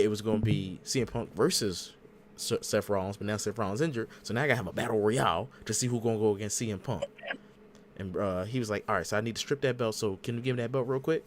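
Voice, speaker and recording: A man hosting a casual podcast, recapping the week with lively, acted-out quotes. His voice sits a little low. Faint room noise hums behind him. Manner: animated storyteller acting out quotes. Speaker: podcast host. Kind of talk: casual wrestling recap chat.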